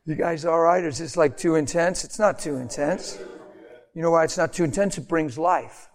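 A man's voice: fairly high pitch, normal speed. A man preaching a sermon with passion, talking straight to his congregation and asking them questions. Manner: passionate, swings from shouting to near whisper; talks to congregation directly, asks questions. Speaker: pastor.

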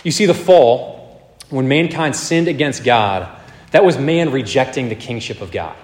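A man's voice: mid-range voice, lively intonation, measured pace, darkish tone. Man, thirties, pastor preaching, emphatic, long reverb. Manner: earnest, emphatic preaching with swings in volume. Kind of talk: sermon. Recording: echoey hall, long reverb.

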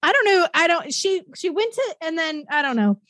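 A woman, a teacher, chatting casually and telling a quick story. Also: extremely high pitch, animated, fairly bright tone, no echo. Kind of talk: casual conversation.

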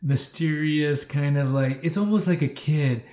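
A man who drives for a rideshare service, telling stories in a casual, animated chat full of "like". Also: a little high, measured pace. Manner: animated, laughing, leans on "like". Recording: roomy echo.

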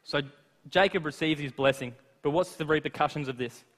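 A man preaching a sermon, retelling scripture in lively everyday words with asides to the listeners. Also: on the high side, a little fast. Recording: long reverb of a large hall.

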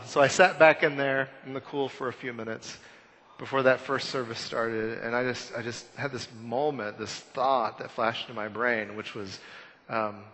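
A man in his thirties preaching a conversational Easter sermon, telling self-deprecating stories and swinging between loud and hushed. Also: medium pitch. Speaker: pastor. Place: church sanctuary. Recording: long church hall reverb.

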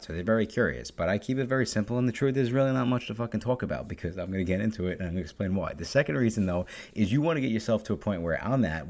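A man's voice: fairly low pitch, a little mellow. A young man hosting his own podcast alone, talking bluntly and swearing constantly in a casual monologue. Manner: profane, blunt, fast-talking. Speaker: podcast host.

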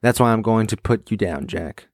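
A wounded male dog warrior stands firm against a brute, as a man reads him. The voice is low and steady. The sound is dry and close. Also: normal speed, dry recording, lightly acted. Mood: resolute.

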